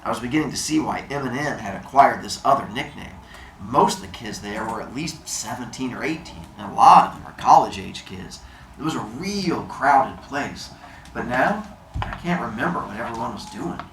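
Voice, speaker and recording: A man's voice: mid-range voice, a bit bright. Man reading a novel aloud casually. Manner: casual, explains as he reads. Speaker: reader and host. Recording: roomy room with faint noise.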